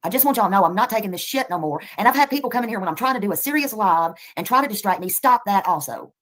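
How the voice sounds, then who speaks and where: A woman's voice: mid-range voice, expressive, rapid-fire, a bit bright. Woman, livestream rant, heated, repetitive. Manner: heated, repetitive, thanking viewers between outbursts.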